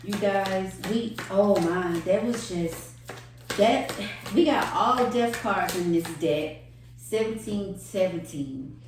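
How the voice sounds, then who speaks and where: A woman's voice: mid-range voice, takes it slowly, roomy sound, background noise. A woman giving an emotional, earnest tarot reading to her viewers, repeating phrases for emphasis. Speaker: tarot reader.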